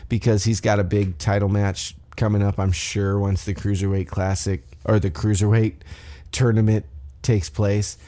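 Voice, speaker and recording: A man's voice: on the low side, little pitch movement, moderate pace, dark tone. A man hosting a podcast who recaps a wrestling show in a casual, rambling, profane way and often corrects himself, speaking into a desk microphone. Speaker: podcast host.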